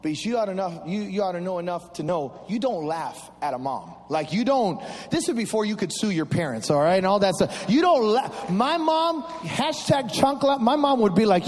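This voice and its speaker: Male pastor, very high and animated, storytelling sermon with shouted refrains. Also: normal speed, big-room sound. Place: large church.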